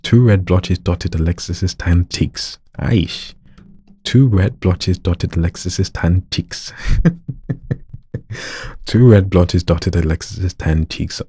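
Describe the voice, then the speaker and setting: A man's voice: low-pitched, slow pace, warm tone, husky. A man reading a story aloud, stumbling over lines, retaking them and joking with himself. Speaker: story narrator.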